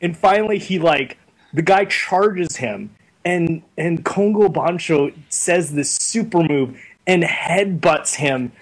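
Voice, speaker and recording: A young man being interviewed, chatting casually and telling stories in a rambling, animated way full of fillers. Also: on the high side, takes it slowly, poor audio. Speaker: interview guest. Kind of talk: casual chat.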